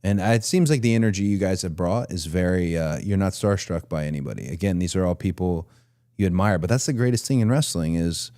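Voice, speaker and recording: A man's voice: deep voice, lively intonation, fairly quick, dark tone, no room sound, clean studio sound. A man in his forties hosting a casual interview, rambling and restarting his thoughts. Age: 40s. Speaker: podcast host.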